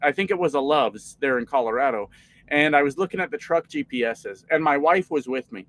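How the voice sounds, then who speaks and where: A man's voice: a little high, expressive, brisk, fairly bright tone, rough recording. A man around forty, a trucker chatting casually on his live stream, reading out comments and telling long, profane, rambling stories.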